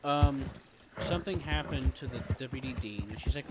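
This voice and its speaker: A man's voice: fairly high pitch, animated, normal speed, over loud music. A man role-playing his character, ranting and swearing heavily about being wronged. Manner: ranting, heavy swearing, aggrieved. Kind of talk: in-character role-play chat. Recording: loud background noise.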